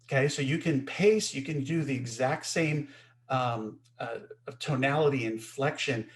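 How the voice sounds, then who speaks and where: Male webinar co-host, middle-pitched voice, teaches in an emphatic explaining style over a video call. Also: normal speed. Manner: explanatory, emphatic, checks in with "right?".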